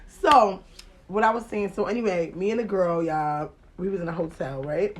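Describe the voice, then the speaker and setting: A woman's voice: on the low side, moderate pace. A woman hosting a podcast, telling a personal story in loose, profane slang. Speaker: podcast host. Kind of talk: casual podcast chat.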